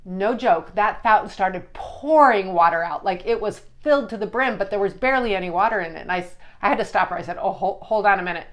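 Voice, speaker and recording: A woman with a voice of ordinary pitch talks through personal stories as the host of her own show. She sounds earnest and chatty, with quick restarts, and she brings the stories to life by acting out what each person said. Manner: chatty, earnest, lively retelling with restarts and quoted dialogue. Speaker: podcast host and Reiki practitioner. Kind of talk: casual storytelling monologue.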